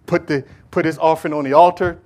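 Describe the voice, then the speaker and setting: A male preacher delivering a sermon, retelling a Bible story in a lively, conversational way and swinging between loud and hushed delivery. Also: fairly high pitch, fast. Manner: animated storytelling, acting out biblical figures.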